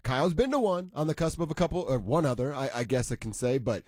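A man's voice: mid-range voice, animated, fast talker, darkish tone, dry recording. A man hosting a sports talk show, chatting casually and laughing often.

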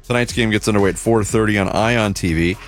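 A man's voice: fairly low pitch, faint music behind. Man hosting morning sports radio. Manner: brisk headline reading, joking with co-hosts.

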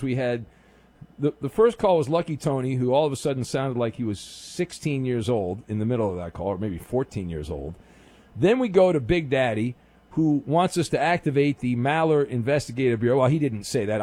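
A man's voice: medium pitch, warm tone. Sarcastic radio talk show host, man. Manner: sarcastic, mock-stern, rambling with many fillers. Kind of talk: casual call-in radio talk. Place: radio studio. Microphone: studio mic.

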